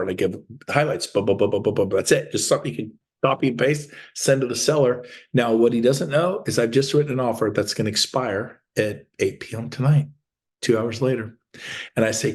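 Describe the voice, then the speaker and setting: Energetic man coaching on sales. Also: mid-range voice, fairly quick. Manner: energetic storytelling, acts out phone calls. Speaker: real estate sales coach. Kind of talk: sales training talk.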